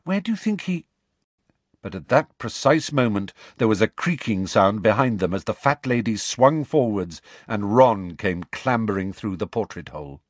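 A man narrating an audiobook with an expressive, varied reading. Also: lowish voice, moderate pace, few pauses, no room sound.

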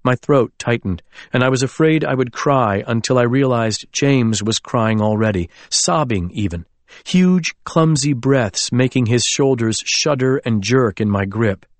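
A man reading a novel aloud as an audiobook narrator, in a measured, literary storytelling manner. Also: mid-range voice, lively intonation, dry recording. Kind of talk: scripted narration.

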